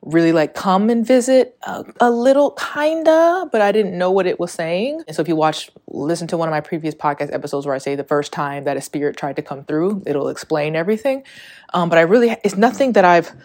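A woman's voice: on the low side, expressive, brisk, a little mellow. A young woman hosting her own podcast, talking candidly and a little out of breath, rambling and swearing freely with frequent laughs. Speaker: podcast host. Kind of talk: casual solo podcast monologue.

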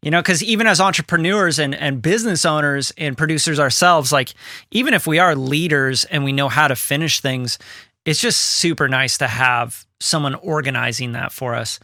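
Bright, lively podcast co-host man. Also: fairly high pitch, normal speed, dry recording, studio quality. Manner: animated, swearing, quotes people in put-on voices. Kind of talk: casual podcast chat. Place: home studio room.

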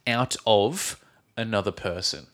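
A man co-hosting a podcast, explaining English phrases through examples in casual chat. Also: on the low side. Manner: animated, explains slowly with examples. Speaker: podcast co-host.

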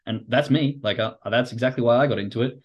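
A man's voice: medium pitch, fast talker, breathy edge, dull audio. Casual man explaining trading psychology. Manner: casual, animated, acts out quoted reactions; swears casually. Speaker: podcast host and trading coach. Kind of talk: livestream explainer talk.

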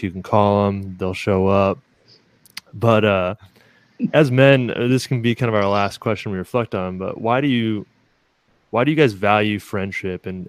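A man with a very deep voice and a dry, close sound, speaking earnestly as he reflects on friendship. He leads the talk and sets up questions for the group. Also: no room sound. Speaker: podcast co-host. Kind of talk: casual faith chat.

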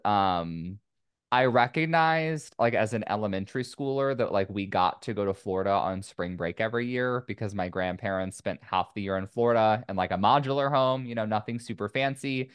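A man's voice: lowish voice, normal speed, clean tone, no room sound, clean studio sound. A man from Indiana in a casual conversation, talking in loose, rambling sentences full of "like.". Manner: rambling, many "like" fillers. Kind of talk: casual chat.

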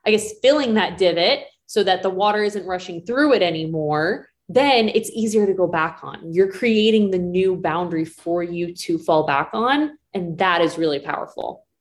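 Woman coach chatting live, bouncy and excited, lots of likes. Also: fairly low pitch, normal speed, hardly any pauses. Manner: animated, lots of "like" fillers. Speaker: breathing coach, co-host. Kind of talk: casual live chat.

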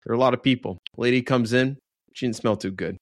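A man's voice: mid-range voice, fast talker. A man hosting a podcast in casual chat, laughing often and rambling with restarts. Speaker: podcast host.

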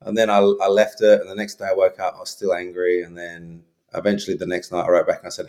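A middle-aged man with a very low voice tells stories from his own life. He talks as an interview guest, frankly and loosely, full of ums and restarts. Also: monotone, quick pace, few pauses, darkish tone. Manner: frank, anecdotal, many fillers and restarts. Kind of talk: reflective storytelling.

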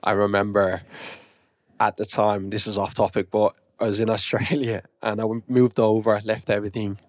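A man's voice: lowish voice, level tone, moderate pace, no room sound, clean studio sound. A young Irish man, founder of a gym business, chatting casually on a podcast and acting out the dialogue in his stories. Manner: storytelling, acting out quoted dialogue.

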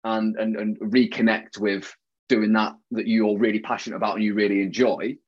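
A man's voice: lowish voice, level tone, moderate pace, breathy edge, lo-fi sound. A man co-hosting a podcast, chatting in a teasing, jokey way and often talking over his co-host. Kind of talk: casual banter.

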